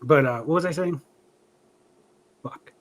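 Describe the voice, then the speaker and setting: A man's voice: a little high, unhurried, rough recording. A man hosting a livestream podcast, telling a rambling story in casual, profane chat.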